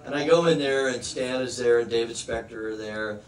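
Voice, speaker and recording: A man's voice: medium pitch, normal speed. A middle-aged American man giving a rambling retirement speech, laughing often and restarting his sentences. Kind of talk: retirement speech, casual storytelling. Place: party room with an audience. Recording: echoey room, distant mic, crowd. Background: crowd chatter and laughter.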